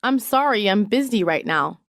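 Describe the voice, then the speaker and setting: A woman reading business English sentences aloud in a measured, clearly enunciated way. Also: mid-range voice, expressive, no echo, studio quality. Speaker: English phrase reader. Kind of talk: slow read-aloud example sentences.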